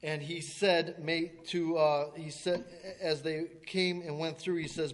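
A man preaching, telling a story in a folksy way, stammering now and then and clearing his throat as he acts out the people in it. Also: a little high, level tone, measured pace. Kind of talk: sermon illustration storytelling. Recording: long hall reverb.

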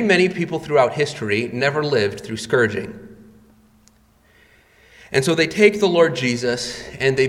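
A man preaching a sermon, retelling scenes dramatically and rising in volume for quoted cries. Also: mid-range voice. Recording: long reverb of a hall.

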